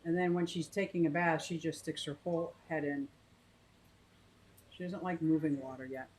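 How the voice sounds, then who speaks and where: A woman's voice: steady tone, normal speed, a little mellow, low-quality recording. A woman in her fifties talking casually about her fish tanks, thinking aloud with many restarts and asides. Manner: coos in a high sing-song to her pet bird. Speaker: aquarium vlogger. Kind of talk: casual chat to camera and live chat.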